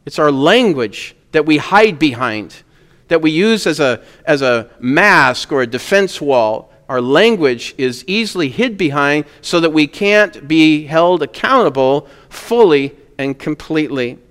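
Male pastor, smooth resonant voice pitched a bit high, earnest sermon delivery, long church reverb. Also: expressive, measured pace, fairly bright tone. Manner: earnest preaching, rising to emphatic peaks on key words.

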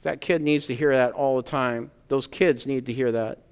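A man's voice: mid-range voice, fairly even intonation, moderate pace, clear, resonant tone. Man preaching in a reverberant hall. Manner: earnest preaching, rising emphatic then dropping quiet. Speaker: pastor. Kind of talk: sermon. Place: church sanctuary.

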